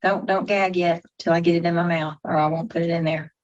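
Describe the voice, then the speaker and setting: A woman, a podcast guest who talks in a homey, expressive way with folksy sayings. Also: on the low side, brisk, highs cut off. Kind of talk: casual chat, taste-testing.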